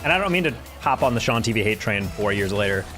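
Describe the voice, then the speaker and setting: With faint music behind him, a young gamer talks to his chat in a lowish, bright, animated voice at a quick pace. He's laid-back but rants about teammates, full of slang and profanity, in casual gameplay commentary.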